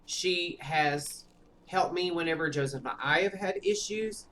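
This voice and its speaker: A woman's voice: on the low side, measured pace, a bit bright, a little hiss or hum. A woman streaming a game from home, chatting casually and rambling with lots of fillers. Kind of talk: casual chat while gaming.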